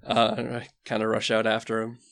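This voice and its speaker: A man's voice: on the low side, monotone, moderate pace, vocal fry, a bit bright. A man talking as a player in a tabletop game, easygoing and laughing often. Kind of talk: casual play chat.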